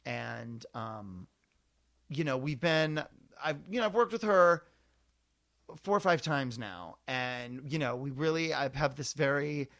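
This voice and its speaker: A man co-hosting a podcast, telling animated anecdotes in casual chat, full of fillers. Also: mid-range voice, measured pace. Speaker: podcast co-host.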